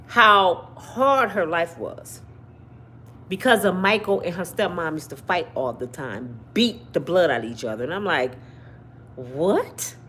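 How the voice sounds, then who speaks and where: Animated woman with a lively pitch. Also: slight background noise. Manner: animated, talks to viewers directly, repeats and hedges with "allegedly". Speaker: commentary channel host. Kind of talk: casual commentary monologue.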